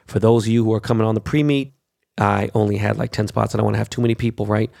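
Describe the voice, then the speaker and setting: A man's voice: lowish voice, steady tone, fast talker, vocal fry, a little mellow. A brash young man hosting a show, cursing constantly through a ranting monologue. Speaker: show host.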